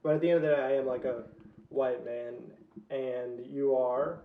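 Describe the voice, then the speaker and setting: A man's voice: mid-range voice, fairly even intonation, normal speed, far from the mic. Southern man chatting in a roomy space. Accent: Southern American, softened. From American South. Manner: loose and rambling, heavy on fillers. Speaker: podcast co-host. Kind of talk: casual chat. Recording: roomy, slightly muffled sound.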